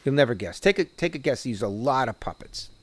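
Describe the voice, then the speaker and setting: A man's voice: medium pitch, expressive, fast talker, husky. A man with a New Jersey accent, chatting casually as a podcast co-host, rambling and profane with many restarts. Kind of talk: casual chat.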